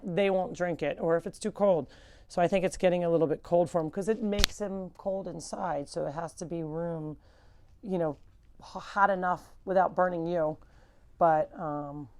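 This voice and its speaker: A woman's voice: lowish voice, steady tone, normal speed, darkish tone. A woman hosting a live farm show, chatting casually and switching into cooing baby talk with the animals, indoors at home on a clip-on mic. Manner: coos and baby-talks to animals; chatty, rambling explanations. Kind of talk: casual live-stream chat. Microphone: clip-on microphone.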